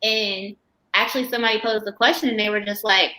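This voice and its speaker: A woman with a bright, forceful voice speaks openly on a panel. She talks with emphasis and laughs between her points. Her pitch is middling. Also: steady tone, quick pace, rough recording. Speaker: panel guest. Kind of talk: casual panel discussion.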